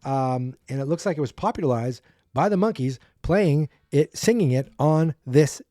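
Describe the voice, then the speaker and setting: A man's voice: lively intonation, moderate pace, warm tone, dry recording, studio quality. A man hosting a podcast, recapping a sitcom episode in a rambling, casual way and acting out the characters' lines in raised voices. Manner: rambling, acts out quotes in higher voices. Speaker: podcast host.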